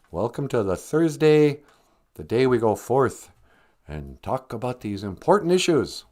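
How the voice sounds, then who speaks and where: A man's voice: medium pitch, sing-song, measured pace, warm tone. Joking man. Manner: joking, greets chat viewers, slips into silly voices. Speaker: podcast host. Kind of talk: casual livestream chat.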